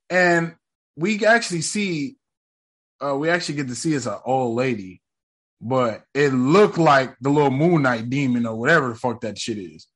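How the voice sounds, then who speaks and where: A man's voice: medium pitch, normal speed, fairly bright tone. A man co-hosting a casual recap podcast, talking in a laid-back, slangy, joking way. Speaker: podcast co-host. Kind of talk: casual TV episode recap chat.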